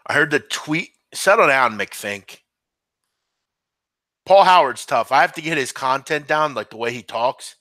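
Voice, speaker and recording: A laid-back man hosting a casual late-night sports chat, chuckling and self-deprecating, his voice starting to go hoarse. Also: fairly high pitch, a little fast, few pauses, fairly bright tone, no echo, studio quality. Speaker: fill-in host.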